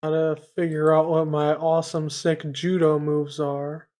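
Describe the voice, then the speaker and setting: A man playing a tabletop game, chatting casually and cracking quick jokes. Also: fairly high pitch, completely flat delivery, darkish tone. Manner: joking, quick asides. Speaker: player.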